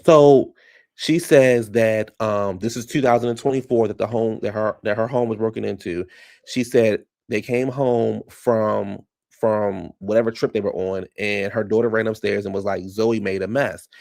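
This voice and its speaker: Gravelly man recapping reality TV. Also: on the low side, fairly even intonation, normal speed, a little mellow. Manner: chatty, incredulous, rhetorical questions. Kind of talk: casual commentary vlog.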